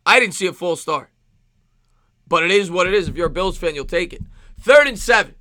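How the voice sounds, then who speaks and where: A man with a New York accent streaming live play-by-play football commentary, excitable, with rhyming calls and thanks to chat viewers. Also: high-pitched, a little fast, no room sound, clean studio sound. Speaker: sports streamer.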